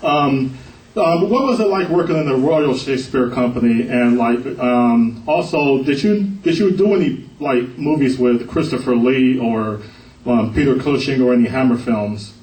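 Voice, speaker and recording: A man's voice: medium pitch, normal speed, darkish tone. A man in the audience asking a panel a question, hesitant and apologetic, with constant ums. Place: convention hall. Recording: echoey hall, distant mic.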